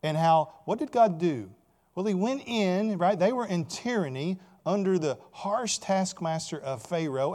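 A male pastor preaching a sermon, building to loud emphatic points and checking in with "right?". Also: on the high side, normal speed.

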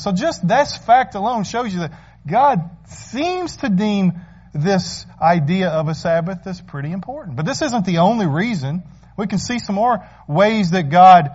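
High-voiced man preaching a sermon. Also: a little mellow, lo-fi sound. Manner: earnest preaching with rhetorical questions. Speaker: pastor.

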